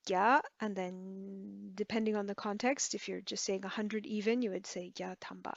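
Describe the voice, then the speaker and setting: A woman's voice: mid-range voice, steady tone, normal speed, gravelly, no room sound, muffled recording. A woman teaching a language lesson, patiently repeating words and correcting herself as she writes. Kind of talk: slow lesson, writing while explaining.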